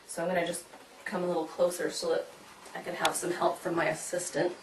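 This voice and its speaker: A woman's voice: lowish voice, level tone, fairly quick, background noise. Woman teaching violin in an echoey room. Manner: friendly, explaining step by step with demonstrations. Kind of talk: instructional demonstration. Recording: echoey room, mic at a distance.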